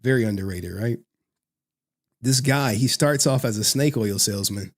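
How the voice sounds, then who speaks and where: A man's voice: medium pitch, normal speed. A man hosting a live stream, rambling casually, laughing often and groping for words. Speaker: livestream host.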